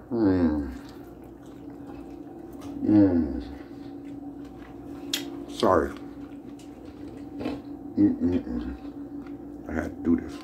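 A man's voice: sits low, expressive, very slow, long pauses, dark tone, lo-fi sound, slight background noise. A man hosting his own home cooking video, hyped up and talking straight to his viewers in a casual way from his kitchen.

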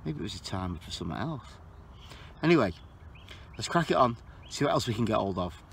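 A man's voice: a little fast, creaky, a little hiss or hum. Chatty man detecting in a field. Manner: chatty, excitable, pitch jumps when surprised. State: out of breath. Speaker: metal detecting vlogger. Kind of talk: casual outdoor commentary to camera. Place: open field outdoors.

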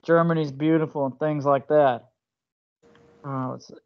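A man with a somewhat high voice hosts a relaxed interview and tells jokey stories with animated energy. He speaks into a cell phone, so the call sounds dull and lo-fi. His delivery stays casual and playful throughout. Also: moderate pace. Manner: joking, animated storyteller. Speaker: host.

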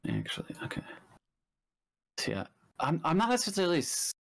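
A man playing a board game, thinking out loud and second-guessing his moves with self-deprecating humor. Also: on the high side, wildly swooping pitch, a little fast, vocal fry. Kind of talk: casual chat during a game.

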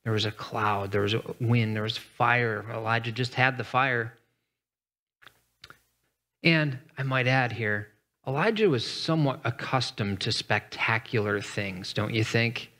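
A man's voice: medium pitch, a little slow, bright, forceful tone. Man preaching a conversational sermon. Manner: conversational preaching with dramatic scripture quotes. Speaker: pastor.

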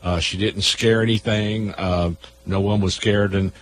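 A low-pitched man tells a local ghost tale on air in a radio studio. He talks haltingly, stopping often with filler pauses as he gathers his thoughts. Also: steady tone, low-quality recording. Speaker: local folklore event organizer. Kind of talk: radio storytelling.

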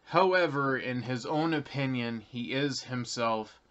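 With a measured pace and a mid-range, somewhat bright voice, a young Canadian man casually explains something to his viewers. As the channel's creator talking to camera, he rambles with frequent ums and uhs and light chuckles, recorded in slightly dull lo-fi.

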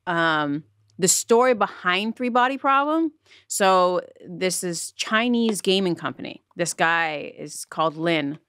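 A woman's voice: lowish voice, lively intonation, a little slow, a bit bright, clean tone, no echo, clean studio sound. A woman co-hosting a podcast, recounting a story in casual chat.

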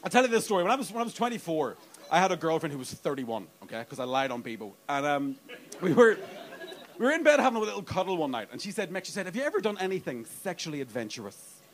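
A man's voice: on the high side, very animated, quick pace. A young man doing a profane, self-mocking stand-up set in a comedy club, acting out voices. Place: comedy club with live audience.

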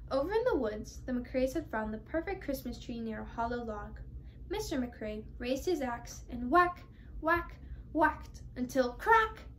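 A teenage girl reading a children's storybook aloud, with clear, expressive storytelling. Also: on the high side, normal speed, a little hiss or hum. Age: teens. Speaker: storybook reader.

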